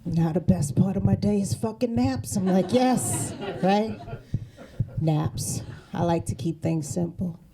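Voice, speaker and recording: Her voice is fairly low and gravelly, unhurried, with a crowd audible in the background. She's a woman comedian from New England delivering a brash, profane, sarcastic East Coast stand-up set live, captured on a stage mic amid audience laughter.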